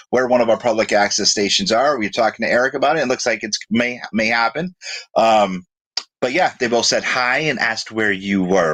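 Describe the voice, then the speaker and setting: A man's voice: lowish voice, fairly bright tone. A man co-hosting a live web show, chatting casually, telling a rambling story and reading viewer comments aloud. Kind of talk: casual live-stream chat.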